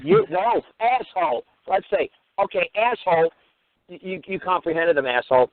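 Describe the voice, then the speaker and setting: A man's voice: high voice, big pitch swings, normal speed, gravelly, no room sound. A man hosting a radio talk show, ranting with crude, mocking, swear-filled talk. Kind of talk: profane ranting monologue. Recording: tinny phone-line radio audio.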